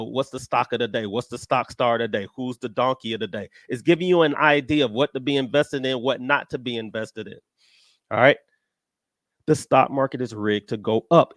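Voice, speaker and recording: An American man hosting a casual stock market chat show, talking emphatically, repeating himself and jumping into high-pitched outbursts. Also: dry recording, clean studio sound. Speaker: stock trading show host. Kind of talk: casual live-stream talk.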